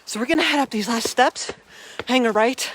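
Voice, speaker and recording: A woman's voice: on the high side, moderate pace, fairly bright tone. Woman walking and talking on her phone outside, chatty tour guide vibe, a bit of faint noise behind. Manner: chatty and upbeat, addressing viewers directly. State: out of breath from climbing steps. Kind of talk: live walking tour narration. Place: outdoors on a hilltop village. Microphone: phone held while walking.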